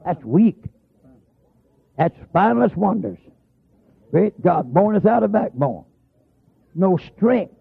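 A man preaching a folksy sermon, his voice gravelly and a little high for a man. He stretches key lines out slowly for emphasis. The sound is thin and tinny, like an old broadcast. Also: big pitch swings.

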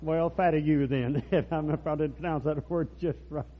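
Older preacher, husky and folksy. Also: male voice, on the high side, fairly even intonation, moderate pace. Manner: folksy storytelling, rising to loud preaching bursts. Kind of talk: rural revival sermon. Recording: dull lo-fi church recording.

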